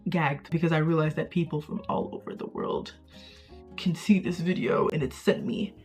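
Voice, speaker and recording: A young woman chats through her old posts in a loose, playful vlog voice. She mocks herself and keeps jumping up in pitch and loudness for the punchlines. Faint music plays under her voice. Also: steady tone, normal speed. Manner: playful, self-mocking, with sudden jumps in pitch and loudness. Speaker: vlogger. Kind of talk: casual reaction commentary.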